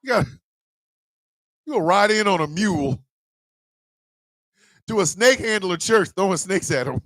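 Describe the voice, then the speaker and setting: A man hosting a radio morning show, telling a profane comedic rant in a loud, animated way. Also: high voice, moderate pace, dry recording, clean studio sound. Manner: loud, animated, profane storytelling with mock voices.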